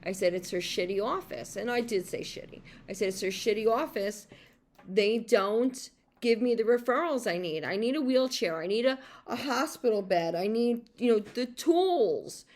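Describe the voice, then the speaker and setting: A woman's voice: fairly high pitch, expressive, moderate pace, few pauses, a little mellow. A middle-aged woman caregiver telling a personal story in an emotional monologue, venting with heated outbursts and frequent swearing. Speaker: podcast host and caregiver.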